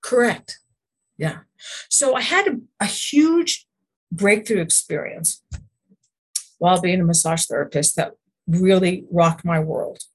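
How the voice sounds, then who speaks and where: A woman's voice: on the low side, husky. A woman guest on a podcast interview who tells earnest, faith-based stories, often restarting and asking rhetorical questions. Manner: faith-based, speaks of God and the Lord. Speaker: guest, emotion code practitioner.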